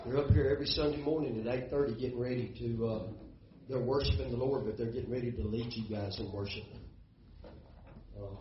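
Folksy, emotional middle-aged pastor preaching. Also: male voice, medium pitch, a little hiss or hum. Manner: emotional, folksy, repeats words. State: tearful. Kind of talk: sermon. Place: church sanctuary. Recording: roomy, dull church sound.

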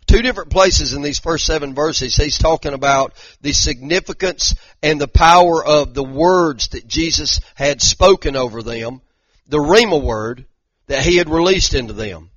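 An older pastor leads a conversational sermon, folksy and animated, often building to emphatic bursts. His voice sits a little high for a man. The sound is dry and close, and a bit dull and muffled. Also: dry recording. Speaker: pastor teaching a Bible study.

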